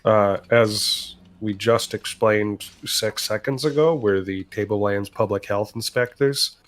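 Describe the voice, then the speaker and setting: A man's voice: lowish voice, unhurried. A man playing a tabletop game, speaking dryly and matter-of-fact. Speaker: player. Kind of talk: tabletop role-play.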